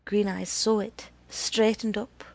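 A woman narrating a story in a measured, deliberate reading with a husky voice. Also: mid-range voice, flat delivery, a little mellow.

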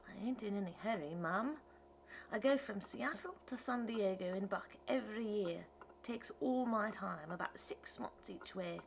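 A woman's voice: medium pitch, measured pace, creaky, slight background noise. A woman reading an audiobook, voicing a wandering male tinker who talks in a rustic, ungrammatical, wheedling way. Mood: persuasive. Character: folksy wandering male tinker, pleading salesman.

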